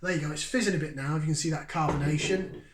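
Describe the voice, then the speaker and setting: A man with a fairly high voice, hosting a relaxed beer review. He talks to his viewers in a chatty, enthusiastic way. The recording carries a noticeable room echo. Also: fast talker. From Yorkshire, England. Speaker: beer review channel host. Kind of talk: casual beer review vlog. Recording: roomy, echoey room sound.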